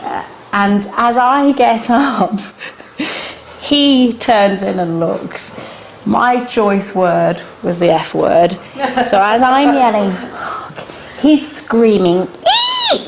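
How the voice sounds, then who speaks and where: Woman, middle-aged, workshop teacher, animated anecdote, laughs often, pitch leaps up at punchlines, faint background hiss. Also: extremely slow. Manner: lively, laughing storyteller who jumps high in pitch at punchlines. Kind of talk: telling a personal anecdote to a workshop group. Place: workshop room with a small audience.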